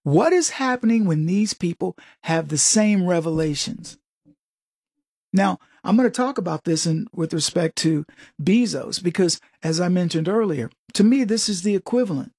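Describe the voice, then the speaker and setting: Commentary host, husky, dry close mic, sarcastic and animated monologue. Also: mid-range voice, no echo. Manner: animated, sarcastic, talks to the audience.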